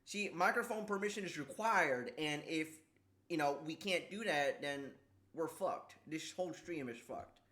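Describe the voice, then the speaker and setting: A man streaming casually, talking haltingly with a slight lisp from a sore tongue, repeating words and struggling with S sounds. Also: fairly high pitch, bright, forceful tone. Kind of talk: casual livestream chat.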